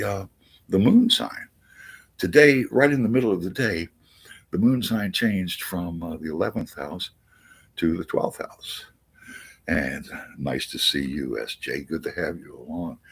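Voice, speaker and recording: A deep, gravelly man with a very husky, rough-edged voice hosts a live astrology chat. He talks slowly and haltingly, repeating words and restarting phrases as he reads out viewers' messages. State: out of breath. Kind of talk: casual live-stream chat.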